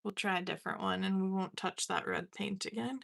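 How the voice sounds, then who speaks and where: A woman's voice: mid-range voice, fairly even intonation, brisk, vocal fry. A young woman chatting casually while painting on a live stream, laughing often and poking fun at herself. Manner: chatty, laughing, self-mocking. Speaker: watercolor artist streaming live.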